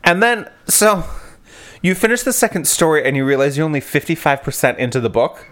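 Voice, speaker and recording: Animated rambling man recapping a story. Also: a little high, fairly quick. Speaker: podcast co-host. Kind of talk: casual chat, retelling a book.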